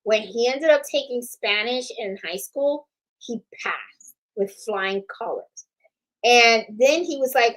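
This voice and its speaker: A middle-aged woman hosts a sewing and embroidery channel, chatting casually on a live stream in a fairly high voice at a measured pace. She rambles, saying "you know" and "okay?" a lot, and the audio quality is poor.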